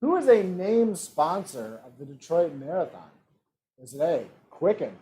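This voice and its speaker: A man hosting an online trivia game. He reads out multiple-choice questions and adds relaxed joking asides. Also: fairly high pitch, measured pace, slight background noise. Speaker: trivia quiz host.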